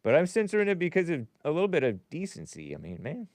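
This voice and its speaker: A man's voice: on the high side, huge pitch swings, quick pace, darkish tone, no room sound. A man hosting a call-in talk show, musing aloud in a wry way and often trailing off.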